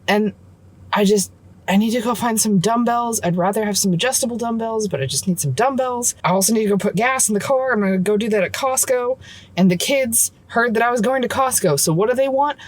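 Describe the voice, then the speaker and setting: A woman's voice: on the high side, brisk. A woman and mom venting her frustrations in a casual vlog from her car, swearing often, recorded on her phone. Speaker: vlogger and mom. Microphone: phone camera.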